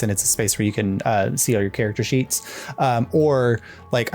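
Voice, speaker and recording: A game master talking casually with players about their characters, pausing often with fillers and restarts. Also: mid-range voice, a little mellow. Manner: halting, with many fillers and restarts. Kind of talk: casual out-of-game planning talk.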